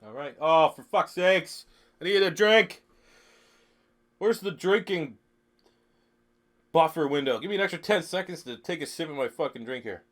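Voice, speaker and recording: A young Canadian man who is sick, streaming a football video game live, clearing his throat, swearing and rambling through chat questions. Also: a little high, expressive, normal speed. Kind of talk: live-stream gaming commentary.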